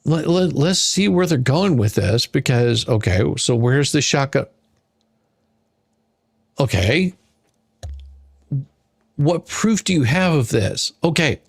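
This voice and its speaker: Exasperated male commentator, slow and husky, dry close sound, sarcastic rant. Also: fairly high pitch, no room sound. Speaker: commentator reading a court filing. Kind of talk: ranting commentary.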